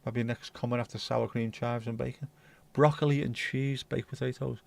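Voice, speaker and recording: A man's voice: mid-range voice, fairly even intonation, fairly quick, vocal fry. A man hosting a livestream, chatting bluntly and rambling through viewer comments with the odd swear. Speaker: livestream host. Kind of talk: casual chat reading viewer comments.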